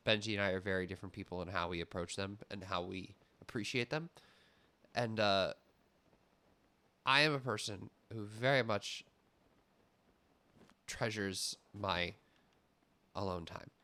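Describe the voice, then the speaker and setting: Young male streamer, bright tone, loose rambling chat over gameplay. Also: on the low side. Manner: rambling, self-interrupting, laughs often.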